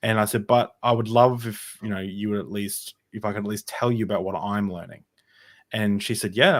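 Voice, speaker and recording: A man talking as a podcast guest, telling his personal story in a casual, rambling way with many fillers and restarts. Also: on the low side.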